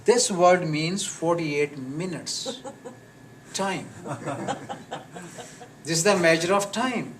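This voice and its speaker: Male teacher, slow deliberate delivery, repeats sounds, distant mic, faint background hiss. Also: a little high, lively intonation, a crowd in the background. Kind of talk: classroom lesson on pronunciation. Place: classroom.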